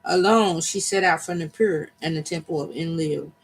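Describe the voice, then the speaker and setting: A man reads an ancient poem aloud. His voice sits high. He reads deliberately and slows at key lines. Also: slight background noise, low-quality recording. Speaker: reader.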